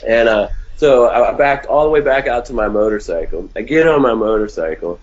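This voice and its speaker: A man's voice: medium pitch, fairly quick. Rambling, foul-mouthed male storyteller. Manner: rambling and profane, with lots of fillers; animated, raising his voice for other people's lines. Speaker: podcast guest. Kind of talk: casual storytelling. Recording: slightly dull lo-fi sound.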